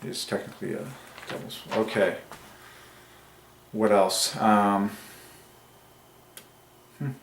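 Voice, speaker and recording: A man hosting a religious numerology channel, speaking in an excited monologue that swings between rapturous bursts and quiet musing. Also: fairly low pitch, echoey room, a little hiss or hum.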